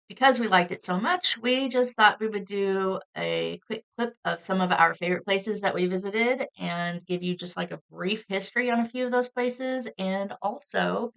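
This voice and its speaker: A woman co-hosting a podcast in a relaxed, chatty way, with frequent fillers. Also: mid-range voice, moderate pace, vocal fry. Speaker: podcast co-host. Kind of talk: casual podcast chat.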